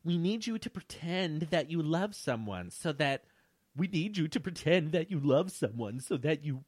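A man's voice: on the high side, a little mellow, breathy edge, dry recording, studio quality, voice pushed up. A man reading the lines of a bossy boy kidnapper in an urgent, insistent way.

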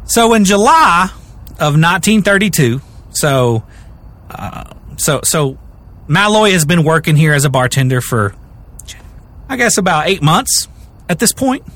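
A young man retells a true crime story on a podcast. He talks casually and often restarts his sentences. His tone is bright and sharp, his pitch swings widely, and he sits a little higher than most men. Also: measured pace, pauses often. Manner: animated, rambling, jokey, with many restarts.

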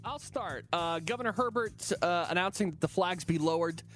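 A man co-hosting a morning radio show, jokey and animated, with sincere, heartfelt moments. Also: sits high, moderate pace, soft background music. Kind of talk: upbeat morning radio chat. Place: radio studio. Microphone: studio microphone.

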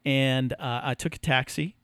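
A man's voice: mid-range voice, fairly even intonation, measured pace, fairly bright tone, clear, resonant tone, no room sound. A man from the United States co-hosting a running podcast, reading sponsor spots and telling stories in an easygoing way. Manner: easygoing storyteller, frequent restarts. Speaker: podcast co-host. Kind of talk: casual chat and sponsor reads.

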